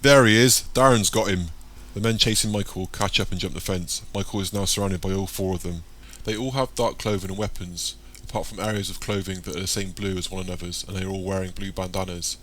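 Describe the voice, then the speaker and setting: Man, audiobook narration, low deep voice, steady reading. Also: fast, hardly any pauses, a little hiss or hum.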